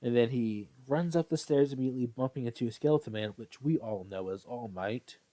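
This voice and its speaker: A man's voice: medium pitch, fairly quick, warm tone, no room sound. A man casually reading a fan story aloud, often stumbling, correcting himself and apologizing. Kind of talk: casual read-aloud with asides.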